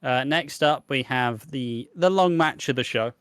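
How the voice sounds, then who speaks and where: A man's voice: medium pitch, measured pace, a bit bright, clear, resonant tone, dry recording. A man co-hosting a wrestling podcast, laid-back and dry, dropping swear words into match rundowns. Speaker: podcast co-host. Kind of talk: casual chat.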